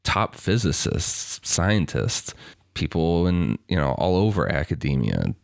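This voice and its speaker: Podcast co-host, male, very deep voice, dry close sound, loose and chatty. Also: very animated, a little slow, creaky, no echo. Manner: laughs between phrases, loose and chatty. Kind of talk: casual chat.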